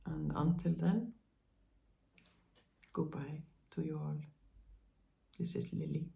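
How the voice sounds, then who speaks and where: A woman hosting her own spiritual channel, speaking in a gentle, halting monologue with many pauses and fillers, offering tender reassurance to her listeners. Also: low-pitched, little pitch movement, gravelly, lo-fi sound.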